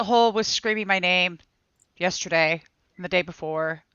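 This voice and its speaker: A woman on a panel, talking in a casual, animated way about faith and meditation, repeating phrases in quick bursts. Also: on the low side, clear, resonant tone, no room sound, muffled recording. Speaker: panel guest. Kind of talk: casual spiritual chat.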